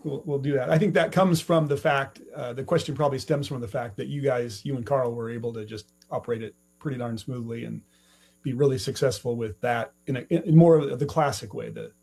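Male host, mid-pitched, friendly and loose with fillers; light mains hum on the track. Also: a little fast, gravelly, darkish tone, slightly rough. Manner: friendly, filler-heavy questioning. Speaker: podcast host. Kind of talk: casual interview.

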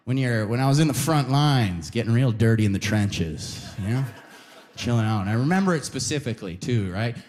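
Young male stand-up from Alberta, bouncy pitch, loose chatty delivery full of put-on quotes. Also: fairly quick. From Alberta, Canada. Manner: animated, many quoted voices, frequent "you know". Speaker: stand-up comedian. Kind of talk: stand-up comedy set. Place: comedy club stage before a live crowd.

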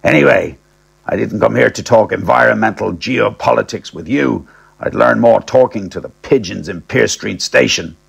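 A man plays a scheming older solicitor, blunt and crude, tossing out insults with a rough, gravelly edge. His voice sits low and sounds a little husky. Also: moderate pace, exaggerated voice. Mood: scornful.

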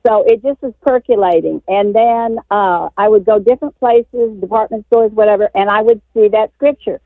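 A woman phones in to a radio show from Texas and tells her story in an excited, emotional rush, full of restarts. Her voice comes through a thin, phone-like line. There is no room sound at all. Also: medium pitch, normal speed, no echo. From San Antonio, Texas. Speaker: caller. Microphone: telephone. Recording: tinny phone line, dry.

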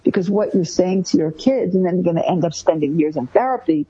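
A woman's voice: lowish voice, lively intonation, brisk, warm tone, slightly rough, lo-fi sound. A woman hosting a talk show, giving parenting advice and acting out the phrases parents say to their kids. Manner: acts out parents' phrases in a raised voice. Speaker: host.

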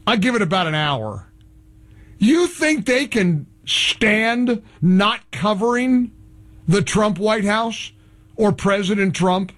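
A man's voice: high-pitched, animated, slow, fairly bright tone. A man hosting a talk radio show, delivering political commentary in a heavily sarcastic, mocking manner.

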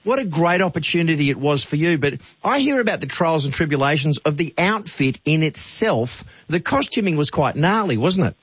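An Australian man hosts a radio interview with easy enthusiasm and casual slang, laughing often. His voice sits a little high. The studio sound is dry and slightly dull. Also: very animated, fairly quick, few pauses, fairly bright tone, husky, no echo. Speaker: radio host.

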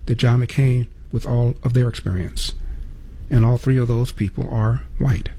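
A man's voice: medium pitch, fairly even intonation, a little slow, mellow, a little hiss or hum. A man hosting a political commentary monologue, with pointed rhetorical questions. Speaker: commentary host.

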